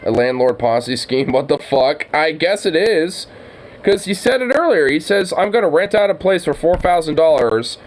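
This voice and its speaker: A man's voice: on the high side, expressive, normal speed, low-quality recording. A man reacting to a video in casual, profane commentary, ranting in exasperation. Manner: exasperated, ranting, swears a lot.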